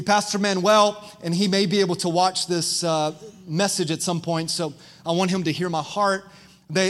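A pastor with a high, bright-toned male voice delivers a lively sermon. He tells stories with animation and keeps calling out to the congregation to respond. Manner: preaching with crowd call-outs; animated storytelling.

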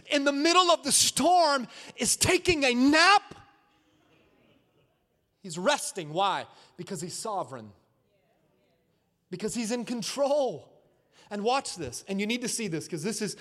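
A male pastor preaching a sermon with dramatic swings from shouts to hushed asides and repetitive, rhythmic phrasing. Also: high voice, big-room sound.

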